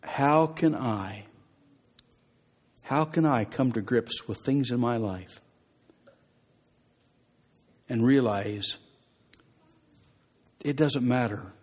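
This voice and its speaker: A man's voice: mid-range voice, very slow, pauses often, darkish tone. A man preaching a sermon in an easy, conversational way, walking through a scripture passage and repeating key phrases for emphasis. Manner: plain conversational preaching with restarts and emphatic repetition. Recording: long hall reverb.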